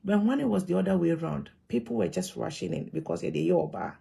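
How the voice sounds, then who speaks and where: A vlogger with a Ghanaian accent talks casually straight to camera, switching between Twi and English. Her low, fairly quick voice is gravelly and a little husky, delivered in an animated, emphatic way.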